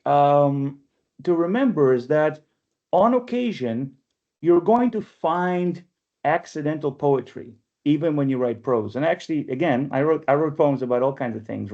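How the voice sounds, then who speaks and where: A man teaching poetry over a webinar, talking casually and tossing out "right?" to keep listeners with him. His voice sits a little high for a man but sounds mellow and dark. The audio is dull and lo-fi, like a computer mic on a video call. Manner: chatty, often checks in with "right?"; reads verse aloud slowly and deliberately. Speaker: workshop leader and press editor. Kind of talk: conversational online lecture.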